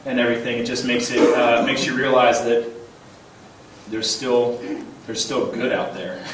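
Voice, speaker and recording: A man in his thirties giving a humorous banquet speech, telling personal stories in an animated way, chuckling often and repeating words as he starts a thought. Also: medium pitch, measured pace, heavy background noise. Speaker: banquet keynote speaker. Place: large banquet hall. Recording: very echoey hall, voice heard from a distance.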